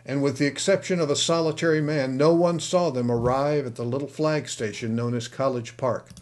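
A man narrating an audiobook in a steady, expressive storytelling manner. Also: mid-range voice, brisk. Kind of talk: scripted narration.

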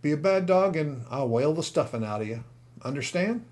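A man's voice: fairly high pitch, lively intonation, a little fast, a little mellow, pitched above the performer's own voice, natural voice. A man doing a genial, menacing dog-breaker. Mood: genial menace. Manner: genial, folksy threats.

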